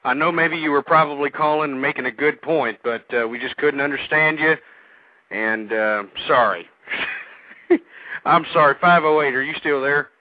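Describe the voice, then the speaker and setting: Angry guy ranting on talk radio, kinda high voice, tinny phone-like sound. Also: normal speed, no echo. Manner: angry, ranting, repeats himself. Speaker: radio show host. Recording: tinny phone-line audio, dry.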